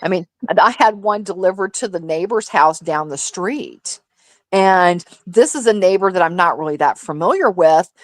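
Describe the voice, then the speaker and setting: Woman, casual stream co-host, lively storyteller, dry close mic. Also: on the low side, normal speed, no echo. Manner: animated storytelling, acts out quoted voices. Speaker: livestream co-host. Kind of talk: casual chat.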